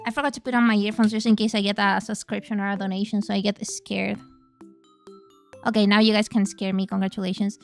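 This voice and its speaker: A woman's voice: medium pitch, level tone, fast talker, creaky, faint music behind. A woman streamer who speaks natively, chatting casually and playfully on a live stream, swearing freely as she goes.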